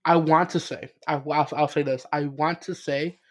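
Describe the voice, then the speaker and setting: A man's voice: on the high side, fairly even intonation, normal speed. A young man co-hosting a podcast in casual chat, rambling with lots of fillers, restarts and casual swearing. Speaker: podcast co-host.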